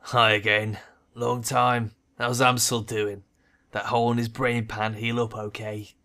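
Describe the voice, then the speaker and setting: A man voicing a burned, cocky male orc mercenary who talks in a gruff, mocking way in a game read-through. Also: medium pitch, level tone, moderate pace, a bit bright, lightly acted. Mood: taunting.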